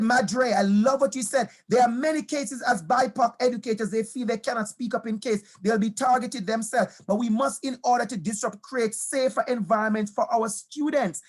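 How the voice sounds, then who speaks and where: Guy giving a fired-up talk to teachers, tells stories, keeps repeating his point, kinda high voice. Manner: emphatic, repeats key phrases, asks questions and speaks to the audience directly.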